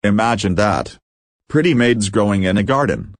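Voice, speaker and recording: Giggly alien crewman, low voice, read by a man. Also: animated, normal speed, no echo, studio quality. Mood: amused. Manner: amused, giggling. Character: giggly alien crew member.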